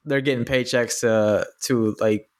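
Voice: mid-range voice, steady tone, a little slow, a little hiss or hum. A podcast host chatting casually, agreeing and laughing often.

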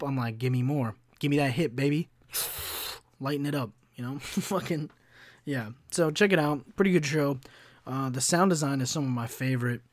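A man's voice: medium pitch, no echo. A young man hosting a solo podcast, chatting loosely, swearing freely and filling gaps with "um" and "like". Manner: loose and profane, heavy with fillers like "um" and "like". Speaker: podcast host. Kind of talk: casual solo podcast monologue.

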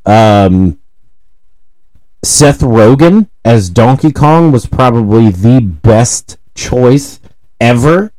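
A man co-hosting a comedy podcast, talking in a profane, animated ranting way. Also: mid-range voice, very slow, rough recording. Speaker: podcast co-host. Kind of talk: casual comedic chat.

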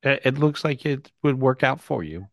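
A man's voice: medium pitch, expressive, moderate pace, vocal fry, dry recording, clean studio sound. A man hosting a live video call, giving chatty, reassuring psychic readings and often repeating himself. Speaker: psychic host.

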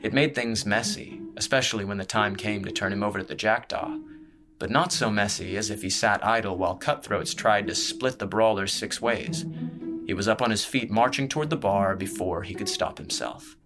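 A man narrates a fantasy tale in a steady, measured reading voice. His voice sits on the low side, and he keeps an even storytelling pace throughout. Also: over music. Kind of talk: scripted audiobook narration.

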